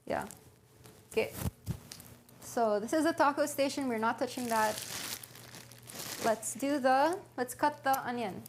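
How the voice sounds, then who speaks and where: Slow-talking woman streaming from her kitchen. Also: high-pitched, noisy background. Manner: thinks aloud while reading a recipe to viewers. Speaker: livestreamer. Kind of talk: casual cooking stream chat. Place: home kitchen.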